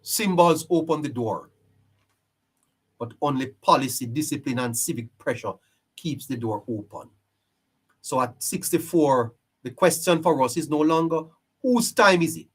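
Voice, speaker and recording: A man's voice: on the high side, lively intonation, measured pace, slightly rough. A man hosting a live-stream political commentary, emphatic and preachy, repeating his phrases for effect. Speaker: live-stream show host.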